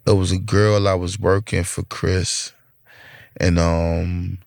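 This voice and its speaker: Gravelly, blunt New York man. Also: sits low, flat delivery, slow, a little mellow, no echo, clean studio sound. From Brooklyn, New York. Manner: blunt, profane street talk. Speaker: rapper interviewee. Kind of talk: casual storytelling.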